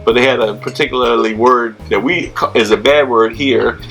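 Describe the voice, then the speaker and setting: A man's voice: mid-range voice, steady tone, moderate pace, creaky, fairly bright tone, rough recording. A man hosting a casual travel chat, talking loosely with many fillers and restarts. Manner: chatty, filler-heavy, restarts often. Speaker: host.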